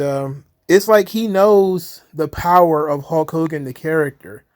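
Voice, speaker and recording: A man's voice: on the high side, a little mellow. Man, commentary host; casual, sarcastic, profane monologue with a slightly raised voice. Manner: sarcastic, profane, laughs at own jokes.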